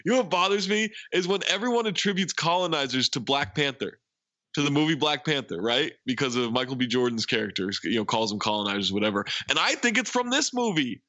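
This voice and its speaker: Man, podcast co-host, lively up-and-down pitch, bright forceful tone, excitable movie recap. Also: fast talker, no room sound, lo-fi sound. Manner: excitable, laughing while retelling jokes. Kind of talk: casual movie recap chat.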